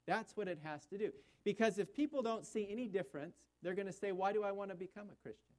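A man preaching a sermon, earnestly quoting scripture and leading a closing prayer. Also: sits high. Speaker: pastor.

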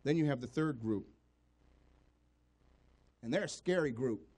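A man preaching a sermon, swinging between hushed, low passages and raised, emphatic ones, voicing scripture and imagined doubters as he goes. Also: expressive, measured pace. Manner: voices scripture and imagined doubters in quoted speech. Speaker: pastor.

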